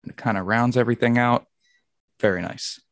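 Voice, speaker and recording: A man's voice: medium pitch, fairly even intonation, fairly quick, no room sound. A man hosting a casual podcast, easygoing and a little rambling. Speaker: podcast host.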